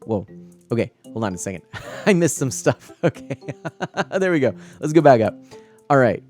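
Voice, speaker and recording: With faint music behind him, a man in his thirties hosts a family-friendly live stream, reading viewer comments and laughing a lot. He rambles chattily, giggly, full of fillers and restarts. His medium-pitched voice swings widely, moderately paced and a little mellow.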